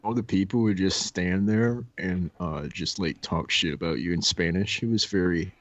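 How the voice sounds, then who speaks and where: A man's voice: deep voice, normal speed, highs cut off. A young man guesting on a podcast, telling casual stories and acting out his old coworkers. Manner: laid-back storyteller, acts out coworkers with laughs. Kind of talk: casual chat, storytelling.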